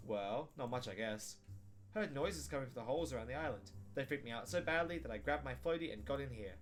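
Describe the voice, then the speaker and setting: A man's voice: mid-range voice, lively intonation, fairly quick, faint music behind, lightly acted. Casting: man voicing a timid, hesitant worrier, game dialogue. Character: anxious man hiding in the sea.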